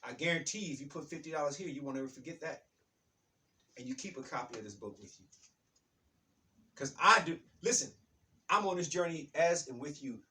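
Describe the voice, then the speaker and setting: A man giving an emphatic, repetitive motivational talk like a preacher, building to loud peaks. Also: a little high, fast talker, recorded from a distance. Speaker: author and self-help speaker.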